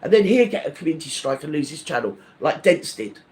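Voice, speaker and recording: High, lively ranting man. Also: quick pace. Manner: indignant, gossipy, rambling with many restarts. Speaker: live-stream host. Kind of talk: rambling live-stream rant.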